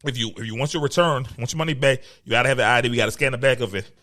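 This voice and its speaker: A podcast co-host tells a story in casual, profane chat, animated and acting out the quotes. His voice is mid-range and he talks at a racing pace.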